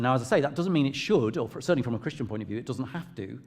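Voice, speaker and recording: A middle-aged English vicar sharing a personal testimony in church, in a conversational, self-deprecating storytelling way. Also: male voice, mid-range voice, animated, rapid-fire, darkish tone. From England. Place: church hall. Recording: long reverb of a large hall.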